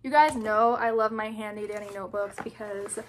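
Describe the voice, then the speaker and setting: A young woman YouTuber opens fan mail for her vlog, chatting in a bubbly, gushing way and quick to squeal. Her medium-pitched voice keeps a steady tone. There's slight background noise.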